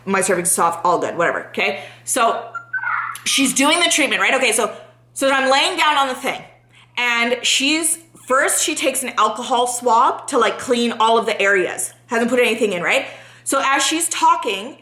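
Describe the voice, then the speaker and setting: A young woman vlogger telling a story to friends in a casual, animated way, swearing freely and speeding up as she gets anxious. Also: on the high side, normal speed, echoey room, poor audio.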